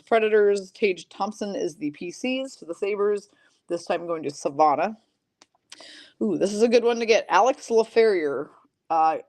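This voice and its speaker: A woman with a somewhat low voice hosts a live-streamed card break. She reads off player names and teams in a steady run and drops in casual, chatty asides to viewers. Her throat sounds a little rough, and she coughs and clears it now and then.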